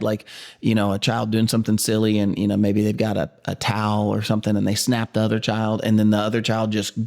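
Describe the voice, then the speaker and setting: A man's voice: on the low side, darkish tone. Man giving a casual video Bible teaching. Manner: conversational, rambling asides, reads scripture slowly. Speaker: pastor.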